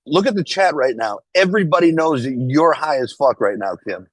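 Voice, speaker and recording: A man on a voice call presses his accusations in a raised, higher-than-usual voice, blunt and foul-mouthed. The sound is very dry and close, with no room around it. He pushes hard and does not let up. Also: animated, brisk, no room sound. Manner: blunt, accusing, swears freely. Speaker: caller confronting the hosts. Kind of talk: heated group voice call. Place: online voice call.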